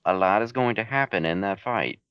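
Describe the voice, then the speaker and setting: A man's voice: on the low side, lively intonation, brisk, clear, resonant tone, no room sound. A man answering reader questions about his fan fiction in a casual, laid-back Q&A chat, with dry, matter-of-fact answers. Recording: dull home mic recording.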